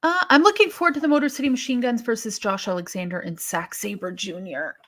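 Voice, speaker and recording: A woman co-hosts a wrestling live stream, chatting casually and thinking aloud with sighs and restarts as she reacts to viewer comments. Her voice is fairly high, a little fast and fairly bright.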